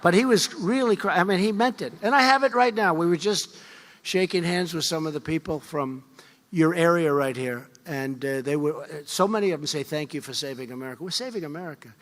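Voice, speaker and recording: A man's voice: on the high side, a little fast, a bit bright. A man in his seventies giving an off-the-cuff campaign speech, boastful and emphatic, repeating his points over and over. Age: 70s. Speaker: politician. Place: large event hall. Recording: reverberant hall with faint crowd.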